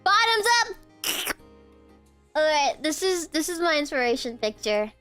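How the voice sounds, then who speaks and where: Playing a pretend barista on her live stream, a young woman giggles and playfully teases her chat, now and then letting out squeaky bursts. Her intonation is lively and her pace a little fast, over soft background music.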